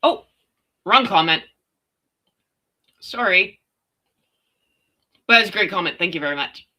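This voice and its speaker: A sarcastic woman hosts a chatty livestream, commenting and reading out viewer messages with emphasis. She takes her time, lingering over each phrase in an unhurried way. Her voice is bright and ringing. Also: fairly low pitch, expressive, rough recording. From United States. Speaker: host.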